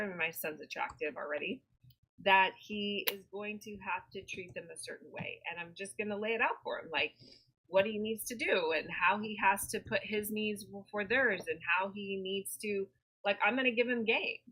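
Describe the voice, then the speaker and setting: A woman's voice: mid-range voice, bright, forceful tone, slightly rough, rough recording. A woman guest on a podcast, talking candidly and emphatically in long, casual runs.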